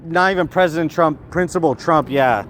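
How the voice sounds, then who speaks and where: A young man ranting in a rambling street vlog, agitated, swinging from loud outbursts to low muttering. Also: moderate pace, slight background noise. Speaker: vlogger.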